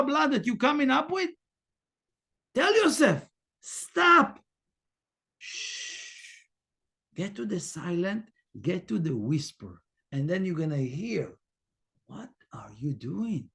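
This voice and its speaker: High, gravelly man teaching intently. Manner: emphatic, swings from loud urging to hushed near-whisper; repetitive, halting with fillers. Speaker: spiritual teacher. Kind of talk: Torah portion lesson.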